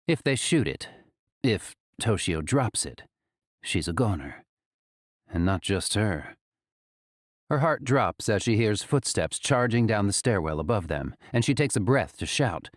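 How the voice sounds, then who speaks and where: Guy reading an audiobook, lowish voice, really animated, dry close sound. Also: dry recording. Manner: expressive, dramatic reading. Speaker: audiobook narrator. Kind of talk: scripted audiobook narration.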